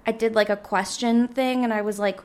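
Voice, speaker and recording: A young woman in her twenties hosts a casual solo podcast, rambling cheerfully with plenty of filler words. Her voice sits a little high and sounds slightly hoarse, as if she is losing it. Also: steady tone, fairly quick, darkish tone. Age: 20s. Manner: rambling, chatty, full of "like" fillers. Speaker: podcast host.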